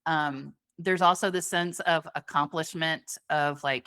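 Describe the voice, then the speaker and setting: A woman's voice: low voice, steady tone, a little slow, bright, forceful tone, clean tone, no echo, clean studio sound. A young woman co-hosting a podcast, chatting casually with lots of fillers and frequent laughter. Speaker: podcast co-host. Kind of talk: casual chat.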